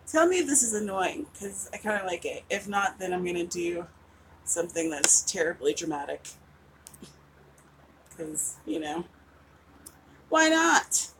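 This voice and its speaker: A woman's voice: fairly low pitch, big pitch swings, measured pace, pauses often, fairly bright tone, slight background noise, poor audio. A woman in her forties from West Virginia, an author chatting casually with viewers during a live writing session, giggly and rambling. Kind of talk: casual livestream chat.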